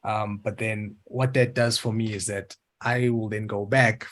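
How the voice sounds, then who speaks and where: Low-voiced South African man. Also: flat delivery, measured pace. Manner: thoughtful, with frequent ums and soft laughs. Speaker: interview guest, voiceover artist. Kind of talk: casual interview answers.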